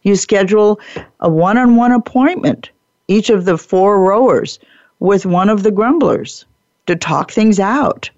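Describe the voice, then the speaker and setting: A woman podcast host telling a workplace parable in an animated, playful way, laughing often and acting out the characters. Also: mid-range voice, measured pace, no room sound, lo-fi sound. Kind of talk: storytelling lecture.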